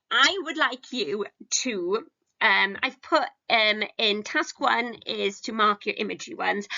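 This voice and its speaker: Chatty woman teacher with a gravelly edge. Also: mid-range voice, bright, forceful tone, lo-fi sound. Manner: chatty and self-deprecating, with filler ums. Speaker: English teacher. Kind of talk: recorded lesson for students. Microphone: home recording for a video lesson.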